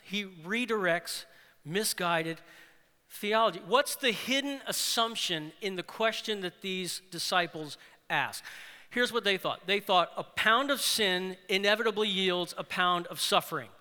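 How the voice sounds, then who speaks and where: A man preaching a sermon and reading scripture aloud, lively, acting out the quoted voices with sudden jumps in pitch. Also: a little slow. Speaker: pastor. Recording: long hall reverb.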